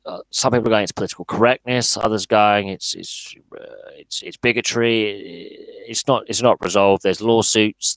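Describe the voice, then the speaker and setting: A man's voice: on the low side, a bit bright, no room sound, low-quality recording. A man hosting a live sports podcast, speaking bluntly and often repeating words as he restarts his sentences. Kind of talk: live podcast Q&A, casual opinionated chat.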